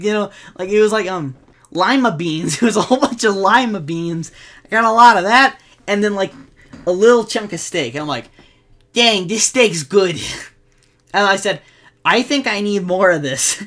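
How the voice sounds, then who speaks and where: A man's voice: sits high, fairly bright tone. A teenage boy telling a story casually in a rambling way, often breaking into laughter. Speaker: vlogger.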